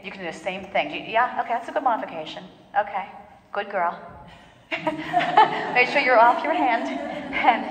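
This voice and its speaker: A woman leads a pilates class, counting down reps and cheering her students on. Her voice is of middle pitch and rings out in a roomy space with a long reverb tail. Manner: encouraging, counts reps, coaching a class in the room. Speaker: pilates instructor. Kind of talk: live class instruction.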